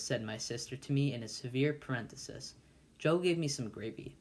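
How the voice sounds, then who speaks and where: Man, mid-pitched, volunteer reader, reading a novel aloud, halting, frequent slips and restarts.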